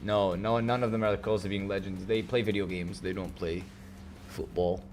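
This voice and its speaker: A young man hosting a stream, chatting loudly and joking in a rambling, casual way at a desk mic. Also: sits low, steady tone, moderate pace, slight background noise. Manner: loud, joking, rambling banter. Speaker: streamer host. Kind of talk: casual chat.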